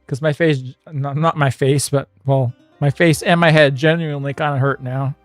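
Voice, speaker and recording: This is a male streamer reading a generated story aloud to his viewers, breaking off to chuckle and ramble. His voice sits a little high. The room sounds dry, and faint guitar music plays in the background. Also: steady tone, no echo. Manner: chuckling, rambling, reads in quick bursts.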